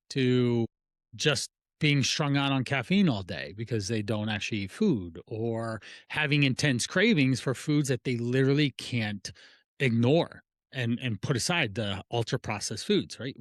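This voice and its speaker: Lively in intonation but a little slow, the coach's medium-pitched voice comes through dry and clean in the studio. The middle-aged fitness and nutrition expert rambles casually on his podcast, restarting phrases, drawing analogies, and posing rhetorical questions.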